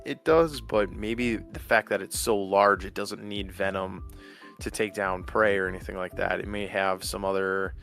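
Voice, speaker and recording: Rambling male podcast host, low voice. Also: steady tone, normal speed, creaky, a bit bright, faint music behind. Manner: rambling, chatty, frequent fillers and restarts. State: recovering from illness, occasional cough. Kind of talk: casual solo podcast talk.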